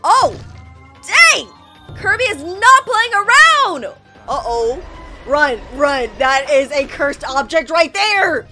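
A woman giving excitable reaction commentary on a video, laughing often and exclaiming at the screen. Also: very high-pitched, slow, over loud music. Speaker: YouTuber reacting to animations.

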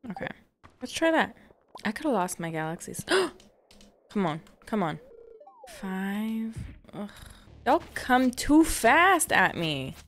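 A woman's voice: medium pitch, very animated, slow, long pauses, fairly bright tone, a little hiss or hum. A woman giving casual let's-play commentary, chatty and self-deprecating, with frequent exclamations. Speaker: gaming YouTuber. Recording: faint background game music.

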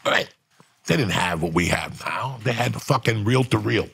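A man's voice: fairly low pitch, animated, normal speed, creaky, fairly bright tone, breathy edge. A middle-aged man telling a profane prison story on a podcast, acting out quotes as he goes. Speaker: podcast guest.

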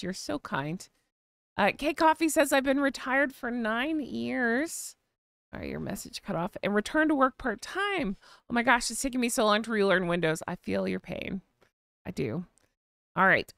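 A woman's voice: fairly high pitch, gravelly, fairly bright tone, no echo. An American woman hosting a live chat, chatting casually, reading viewer comments and sighing with vocal eye rolls. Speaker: live stream host.

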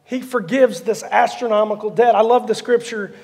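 A man's voice: high voice, normal speed, gravelly, darkish tone, big-room sound. A man preaching a sermon as pastor, telling a story animatedly and acting out the characters. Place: church sanctuary.

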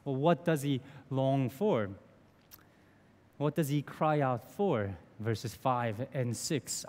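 Taking it slowly, a pastor in his thirties speaks in a mid-range, darkish voice, delivering an earnest, conversational sermon with minor restarts. The church sanctuary carries a long reverb.

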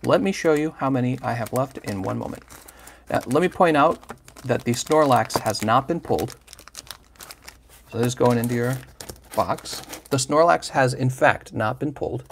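A man's voice: mid-range voice, normal speed, vocal fry, pauses often, slight background noise. A man hosting a livestream, chatting casually and playfully while opening trading card packs and teasing viewers by name.

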